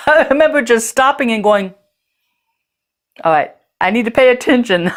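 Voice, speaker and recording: A woman's voice: medium pitch, animated, measured pace, long pauses. A woman host telling a personal story in a candid, earthy way, with casual swearing.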